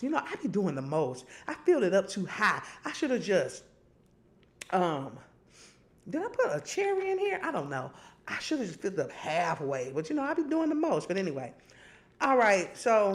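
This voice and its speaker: A middle-aged woman, hosting and telling stories in casual, animated chat. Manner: animated storytelling, swings high and low. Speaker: host.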